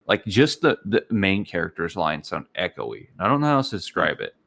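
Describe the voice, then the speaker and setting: Very deep-voiced man chatting casually. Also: a little fast, creaky. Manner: relaxed storytelling, acts out game dialogue. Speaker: podcast co-host. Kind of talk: casual chat.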